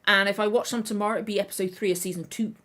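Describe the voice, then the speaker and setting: A woman's voice: mid-range voice, fairly even intonation, rapid-fire, pushed and bright. Woman host, tired, throat a bit tender, rambling casual stream chat with constant restarts. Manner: rambling, self-correcting. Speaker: reaction channel host.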